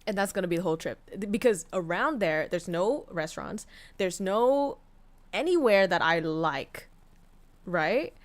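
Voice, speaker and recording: A woman's voice: medium pitch, animated, a little slow. Woman streamer, casual storytelling, swearing, fillers, restarts. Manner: candid and profane, with many fillers and restarts. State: tearful, voice breaking. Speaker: VTuber streamer.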